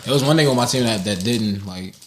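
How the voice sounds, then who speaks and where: A man's voice: fairly low pitch, background noise. A young man co-hosting a podcast, telling stories bluntly in slangy casual chat. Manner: fast, blunt storytelling, slangy. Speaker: podcast co-host. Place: podcast studio.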